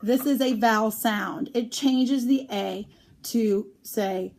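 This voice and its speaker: Slightly high woman teaching phonics. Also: a little mellow. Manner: clear, deliberate, drawing out example words. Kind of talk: phonics lesson.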